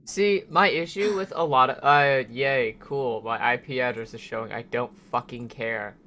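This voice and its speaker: A man's voice: mid-range voice, moderate pace, sharp tone. A man chatting casually on a live stream while he plays, rambling and swearing as he grumbles at the game.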